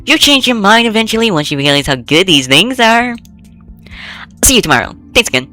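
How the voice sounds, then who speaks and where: A woman's voice: medium pitch, sing-song, moderate pace, pushed and bright, faint music behind, pitched above the performer's own voice. A woman voicing an upbeat teenage girl in a visual novel, eager and pleading as she asks a friend for help. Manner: bubbly, pleading.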